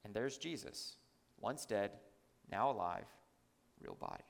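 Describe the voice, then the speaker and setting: A man's voice: fairly low pitch, huge pitch swings, measured pace, vocal fry, in a large hall. A man preaching a sermon in a church, emphatic and chatty, with asides to the congregation.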